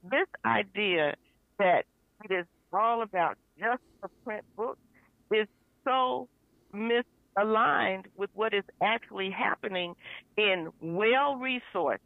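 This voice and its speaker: A woman's voice: medium pitch, vocal fry, no echo. An older woman, a retired school librarian, speaking passionately and emphatically as a guest. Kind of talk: impassioned advocacy in a podcast interview. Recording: tinny phone line.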